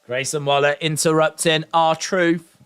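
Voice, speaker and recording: A man with a high, bright voice does casual live reaction commentary, tossing off jokes and asides. He takes his time, and his pitch swings widely from line to line. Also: steady tone, a little slow, smooth. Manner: joking, chatty asides to the viewers. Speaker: wrestling watch-along streamer.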